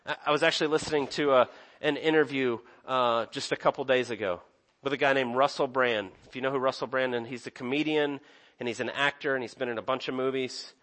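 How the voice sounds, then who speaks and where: A man's voice: medium pitch, fairly even intonation, a little fast, fairly bright tone. A young man preaching a sermon in an earnest, conversational way, often restarting his sentences. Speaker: pastor.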